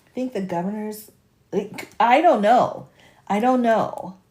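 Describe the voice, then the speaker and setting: A woman's voice: mid-range voice, measured pace. A woman attorney on a live stream, reading a legal filing aloud and chatting with her viewers, her voice cracking a little. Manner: reads formal text steadily, then chats warmly with viewers. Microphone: phone or desk mic for a live stream.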